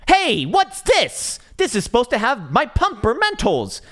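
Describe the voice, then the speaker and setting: A man's voice: huge pitch swings, a little slow, full character voice. A man voicing a frantic male crypto bagholder who squeals and curses at the analyst. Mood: indignant. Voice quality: high strained squeal, yelling and cursing. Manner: frantic, mocking, shouty.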